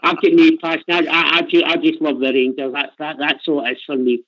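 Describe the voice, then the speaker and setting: A man's voice: a little high, flat delivery, brisk, a bit bright. An older Scottish man calling in to a radio show, talking with emotional passion and repeating himself. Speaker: caller. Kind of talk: phone-in chat. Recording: tinny phone line.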